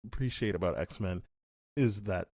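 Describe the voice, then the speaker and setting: Low-voiced man rambling through a review. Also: unhurried, no echo. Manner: rambling, acts out quotes in animated voices. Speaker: podcast co-host. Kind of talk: casual chat, spoiler review.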